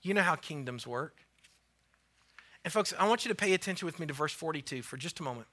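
A male pastor preaching a sermon, retelling a story with lively voices for the characters and repeating phrases for emphasis. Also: fairly high pitch, fast talker. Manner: animated storytelling, acting out the voices of biblical figures.

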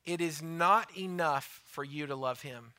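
A man's voice: a little high, a little slow, bright, forceful tone. A man preaching a sermon in a church, emphatic and repetitive, sometimes dropping his voice to near a whisper.

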